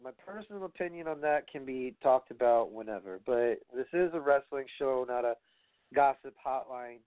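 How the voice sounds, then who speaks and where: A man's voice: mid-range voice, moderate pace, no echo. A young man hosting a casual wrestling podcast, rambling and profane with playful asides. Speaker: podcast host. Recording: tinny phone-like sound, dry.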